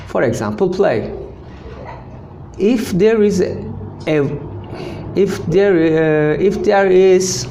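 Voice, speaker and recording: A man teaching an English grammar lesson, slowly repeating example sentences and often checking in with "okay?". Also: a little high, a little mellow, a little hiss or hum. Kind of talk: language lesson.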